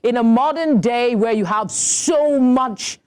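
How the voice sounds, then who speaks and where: A woman's voice: on the high side, takes it slowly, darkish tone, smooth. A woman hosting a TV news interview, polite but firm as she cuts in to press her guest. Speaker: news anchor.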